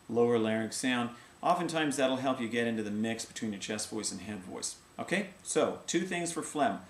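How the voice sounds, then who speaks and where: A middle-aged male voice teacher talks through vocal technique in a relaxed, conversational way, now and then singing short vowels to demonstrate. His voice sits in an ordinary middle pitch. The room is echoey, with faint ambient noise underneath. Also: moderate pace, hardly any pauses. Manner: demonstrates sung vowels and sounds between explanations. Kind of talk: casual video voice lesson.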